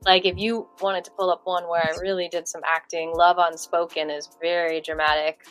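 A woman musician in a casual interview, chatty and animated, with lots of fillers. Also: on the low side, fairly quick, soft background music, poor audio. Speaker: musician guest.

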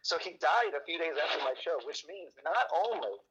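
A man, a magician, telling a story in a casual chat, animated and joking, in a dull lo-fi recording. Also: fairly high pitch, fairly quick, slightly rough.

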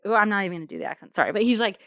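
A woman's voice: mid-range voice, lively intonation, racing, fairly bright tone, no room sound, clean studio sound. Chatty woman telling a story. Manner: chatty, filler-heavy, laughs often. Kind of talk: casual storytelling.

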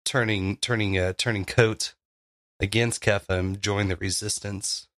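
A man's voice: lowish voice, steady tone, a little slow, fairly bright tone, dry recording. Casual chatty young man, dry sound. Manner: rambling, filler-heavy, laughs often. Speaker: podcast co-host. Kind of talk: casual chat.

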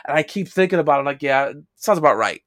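A man's voice: on the high side, lively intonation, quick pace, a bit bright, no echo, studio quality. A young man co-hosting a casual podcast, picking apart a movie bluntly and swearing often. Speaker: podcast co-host. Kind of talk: casual movie-review chat.

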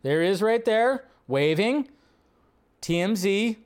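A man's voice: sits high, animated, slow pace, background noise. A man hosting a live movie news stream, joking, reacting to chat and riffing casually.

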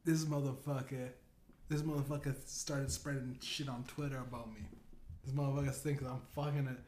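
On his comedy podcast, a man rambles through a profane, wandering stand-up style monologue and cracks himself up. His voice is medium in pitch, flat, a little mellow, and at normal speed, captured in an echoey room with faint noise.

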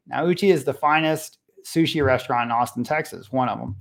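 A middle-aged man, a parenting coach appearing as a podcast guest, speaking conversationally and telling a family story with animated voices for each character. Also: on the high side, brisk, vocal fry, few pauses. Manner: animated, acts out voices in his stories.

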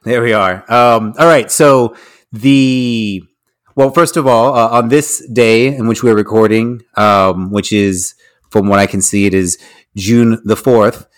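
A man's voice: lowish voice, fairly even intonation, measured pace. A man co-hosting a podcast, reading out the news in a rambling, hedging way with many restarts. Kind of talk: casual podcast chat.

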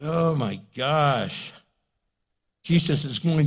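A man pastor preaching a sermon in an animated, jokey way. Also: a little high, a little slow, pauses often.

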